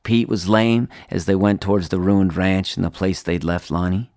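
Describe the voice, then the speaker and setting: Low, gravelly male narrator for a spoken-word story, quiet and unhurried, dry close recording. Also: fairly even intonation, no echo. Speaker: author reading his story.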